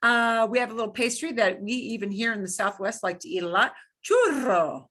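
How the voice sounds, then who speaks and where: Woman language teacher, bright tone, patient repeat-after-me drills. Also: fairly high pitch, animated. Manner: demonstrates sounds by slow repetition, playful. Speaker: Spanish teacher. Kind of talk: beginner language lesson.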